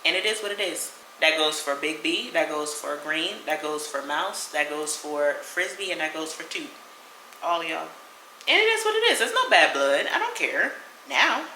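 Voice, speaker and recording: A young woman vlogger telling a storytime in an animated, sassy way, talking straight to the listener. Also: sits low, roomy sound, a little hiss or hum. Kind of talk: storytime vlog.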